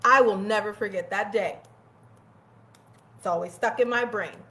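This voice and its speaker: A young woman telling a personal story in a candid, animated way, swearing freely and laughing often. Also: mid-range voice, normal speed. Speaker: guest telling her life story. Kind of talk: casual storytelling.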